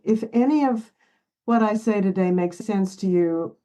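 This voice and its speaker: In a mellow, mid-range voice that runs a little slow, a woman in her seventies who works as a therapist reflects during an interview. She is earnest and full of feeling, at times choking up and laughing over family stories, and the audio is poor.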